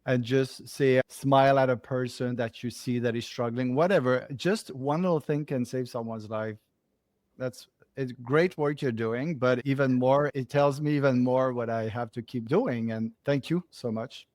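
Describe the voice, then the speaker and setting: A man in the middle of his pitch range hosts a podcast conversation. He speaks earnestly and encouragingly, with small restarts as he works out his thoughts. The recording is dry and close. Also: moderate pace, darkish tone, no echo. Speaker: podcast host. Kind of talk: conversational interview.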